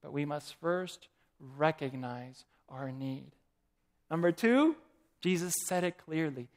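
A man's voice: on the high side, expressive, slow. A man preaching a sermon, asking the congregation questions and reading quotations aloud.

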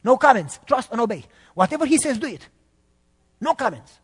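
A man's voice: extremely high pitch, very animated, a little fast, breathy edge, long reverb tail, heavily acted. A man, voicing God as stern and commanding, speaking in a firm, emphatic way.

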